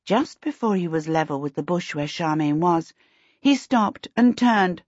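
A woman narrates a fantasy novel in a measured, even way. Her voice is low and husky. The sound is dry and a little dull. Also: no echo. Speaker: audiobook narrator. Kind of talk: scripted narration. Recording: dull, dry lo-fi audiobook recording.

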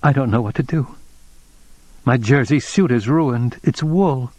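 A man reading an audiobook voices a distraught, confused young woman who speaks in slow, halting fragments. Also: mid-range voice, darkish tone, no echo, voice pushed up, close to an everyday voice, rough recording. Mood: anxious.

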